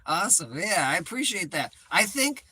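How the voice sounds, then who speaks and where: A man's voice: high-pitched, big pitch swings, moderate pace, sharp tone, slightly rough, dry recording. A man chatting casually and profanely on a livestream, rambling and joking at his own expense. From United States. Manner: rambling, profane, self-mocking. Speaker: livestream host. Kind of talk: casual live chat.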